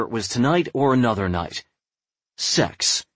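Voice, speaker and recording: Slow, husky-voiced male narrator. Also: lowish voice, expressive, dry recording. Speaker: audiobook narrator. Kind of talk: first-person romance narration.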